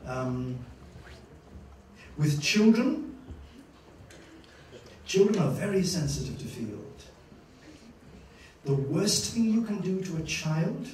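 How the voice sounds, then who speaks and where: Animated man lecturing in an echoey hall. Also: fairly high pitch, slow, long pauses, slight background noise. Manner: animated storyteller, acts out scenes, laughs often. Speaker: lecturer giving a master class. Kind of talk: lively master-class lecture. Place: university lecture room. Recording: echoey hall, distant mic.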